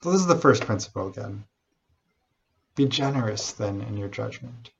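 A man preaching a sermon, animated and unhurried, often restarting his phrases. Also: lowish voice, vocal fry, breathy edge, highs cut off. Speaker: pastor.

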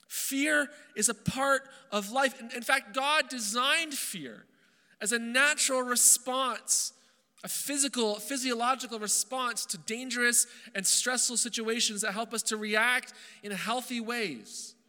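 A male pastor preaches in a high, very bright voice that rings through a reverberant hall. He is earnest and emphatic, slowing on key phrases and restarting words as he goes. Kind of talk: sermon.

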